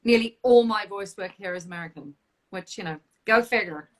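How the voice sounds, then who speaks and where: A woman's voice: mid-range voice, a little fast, low-quality recording. A woman from South Africa hosting an interview, chatty and curious as she asks questions. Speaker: host. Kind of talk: casual interview chat.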